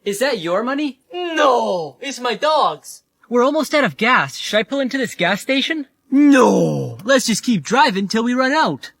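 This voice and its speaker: A man's voice: very high voice, moderate pace, hardly any pauses. Man doing sarcastic sketch comebacks. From San Diego. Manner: sarcastic deadpan comebacks, switching between characters. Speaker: comedy creator. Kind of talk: comedic sketch skits.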